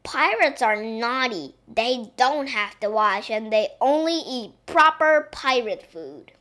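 A woman voicing a naughty little girl princess who plays pirate, pouty and excitable. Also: fairly high pitch, takes it slowly, full character voice. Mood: pouty excited.

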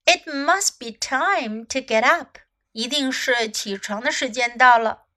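Woman English teacher, native Chinese speaker, high voice, slow careful pace, repeats and translates phrases. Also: bright, forceful tone. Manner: repeats each phrase slowly, then translates. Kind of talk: bilingual children's English lesson.

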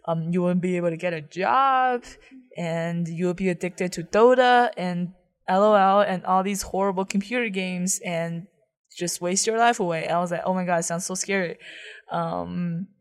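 A woman's voice: on the low side, moderate pace. Young woman, chatty. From China. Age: young adult. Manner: chatty, many fillers and likes. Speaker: interview guest, student. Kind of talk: casual interview chat.

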